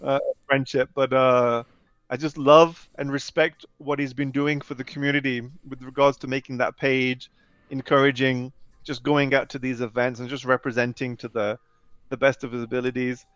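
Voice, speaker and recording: A man guesting on a video call, telling a story in a casual, animated way and putting on voices for the people he quotes. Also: mid-range voice, moderate pace, clean tone, no room sound, muffled recording. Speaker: interview guest.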